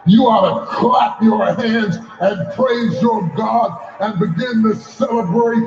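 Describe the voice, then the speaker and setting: A man preaching with a high voice that carries through a roomy, echoing space. He takes his time and builds a rhythmic call-and-response, rising to shouts at the peaks. The recording sounds a little dull and muffled. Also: slow pace, few pauses, over music. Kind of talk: sermon.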